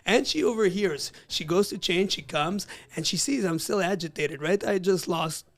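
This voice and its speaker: A man's voice: high voice, normal speed, a bit bright. A man telling a story in a blunt, profanity-heavy casual chat as podcast host.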